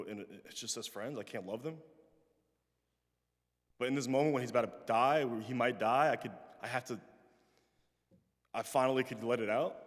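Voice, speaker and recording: A young man with a mid-range voice gives a personal storytelling talk as a guest speaker in a large chapel, where the recording carries a long reverb. He is animated and acts out the voices he quotes, then trails off softly when he turns reflective.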